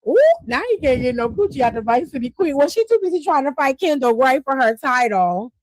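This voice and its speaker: Woman stream host: high-pitched, animated, profane, dry close mic. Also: brisk, no echo. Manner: animated, profane, laughing, reads chat aloud. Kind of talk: casual live-stream wrestling recap.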